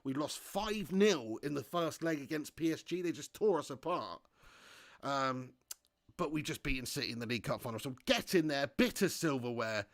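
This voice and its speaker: A young man streaming a football game, excitable and loud, laughing and swearing as he cheers and reads out chat. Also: mid-range voice, normal speed. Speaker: gaming streamer. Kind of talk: live-stream commentary and chat reading.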